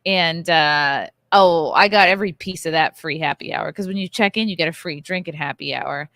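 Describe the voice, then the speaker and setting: A woman's voice: sits low, moderate pace, a bit bright, no echo. A woman in her thirties hosting a podcast from a hotel bar, telling a story in a loose, profane, ranting way. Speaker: podcast host. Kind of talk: casual chat.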